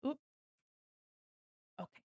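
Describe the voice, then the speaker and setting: Taking things slowly with a warm tone, a young woman chats through a live art stream from home as she draws. She's talkative and playful, rambling and breaking into hums and silly sounds, speaking into a desk mic on a mic arm, and the audio is clean studio sound with no echo.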